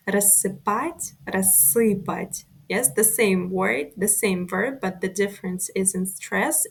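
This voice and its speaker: A woman teaching an online grammar lesson, speaking carefully and pronouncing each example word deliberately. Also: medium pitch, breathy edge. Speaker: language teacher.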